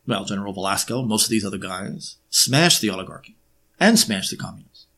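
A man giving a lecture-style monologue, often pausing on fillers and throwing in sarcastic rhetorical questions. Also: on the low side, lively intonation, vocal fry, a bit bright. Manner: frequent filler hesitations.

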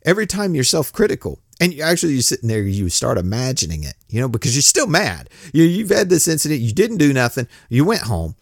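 A man giving an informal, blunt, plain-spoken sermon, swinging between loud outbursts and low mutters. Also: sing-song, fast, creaky, hardly any pauses, no echo, studio quality. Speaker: preacher.

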